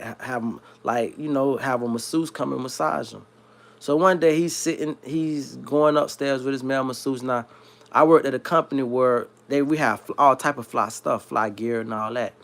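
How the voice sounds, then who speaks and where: A man from South Florida who hosts a livestream, telling a long story in a slangy, rambling, animated way. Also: medium pitch, moderate pace, creaky. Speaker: livestream host. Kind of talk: casual storytelling.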